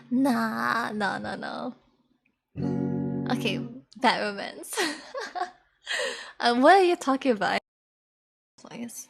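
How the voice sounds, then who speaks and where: Giggly high-voiced young woman streamer. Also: animated, very slow, creaky, pauses often, music in the background. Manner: giggly, rambling, chatty with viewers. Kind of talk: casual stream chat and karaoke singing.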